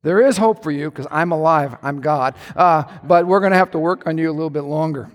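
A man voicing God in a sermon as a calm, fatherly divine speaker who gently corrects a husband. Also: a little high, a little fast, in a large hall, voice pushed down, close to an everyday voice. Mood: gentle, instructing.

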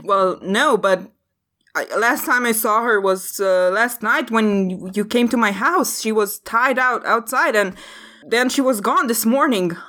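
A woman's voice: a little high, measured pace, a bit bright. A woman voicing an angry male farmer who lost his goat, accusing and stammering when upset, in a tabletop game. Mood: distraught.

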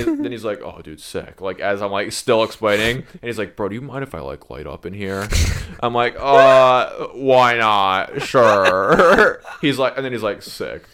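A young man casually telling a rambling story, swearing a lot and acting out quotes. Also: fairly low pitch. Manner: rambling, animated retelling with acted-out quotes; swearing, slangy. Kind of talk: casual chat.

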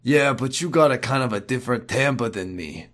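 A man's voice: mid-range voice, animated, normal speed, fairly bright tone. A man co-hosting a podcast, easygoing and joking in casual banter. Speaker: podcast co-host.

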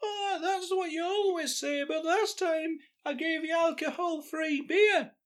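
A woman voicing a weary, sharp-tongued old wife, exasperated and sarcastic. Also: very high-pitched, unhurried, pitched above the performer's own voice.

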